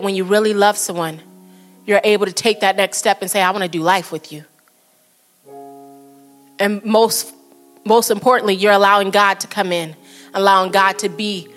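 A woman preaching a sermon to a congregation, speaking earnestly and slowing down for quotes and prayers. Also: a little high, a bit bright.

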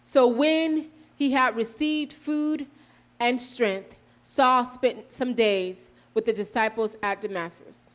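A woman giving a sermon, reading scripture aloud and explaining it earnestly, slowing down for emphasis and correcting herself now and then. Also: fairly high pitch. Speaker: preacher.

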